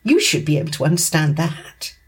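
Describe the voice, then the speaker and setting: A woman's voice: deep voice, sing-song, brisk, breathy edge, heavily acted. A woman reading a story aloud and voicing a stern, pushy female programme director in a firm, bossy manner.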